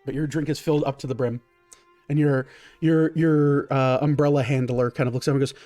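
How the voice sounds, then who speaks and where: A man's voice: medium pitch, fairly even intonation, a little fast, mellow, no room sound, soft background music. A man narrating a tabletop game as game master, describing scenes in a rambling way with many fillers.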